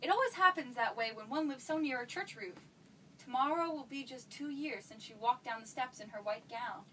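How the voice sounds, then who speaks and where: An actress in a stage play portrays an anxious, evasive mother who keeps sidestepping her teenage daughter's questions, sounding flustered, fretful and pleading. Her voice is high, expressive, brisk and sharp in tone. The mic is distant, with faint noise.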